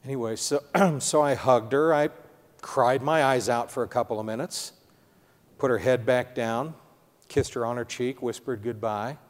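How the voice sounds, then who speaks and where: A middle-aged man preaching a sermon testimony in an earnest, halting storytelling manner, speaking directly to his audience. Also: medium pitch. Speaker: preacher sharing a personal testimony. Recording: long hall reverb.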